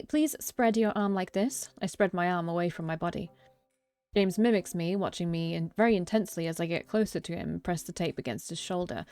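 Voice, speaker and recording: A young woman with a fairly low voice reads a visual novel aloud, voicing the first-person narrator. She keeps stumbling and correcting herself, then drops into playful, swearing side comments. Soft music plays faintly underneath. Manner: breaks off narration for joking, swearing asides; restarts and self-corrections while reading. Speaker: let's play streamer.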